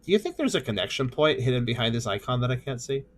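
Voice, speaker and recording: A man's voice: medium pitch, very animated, quick pace. A man streaming a game, chatting casually and thinking aloud while he plays. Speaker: let's play streamer. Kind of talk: casual gameplay chat.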